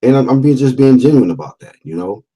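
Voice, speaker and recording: Hosting a relaxed boxing livestream, this talkative man reads chat comments aloud, repeats himself, and speaks in easygoing slang full of fillers and restarts. His mid-range voice is expressive, quick, mellow and husky.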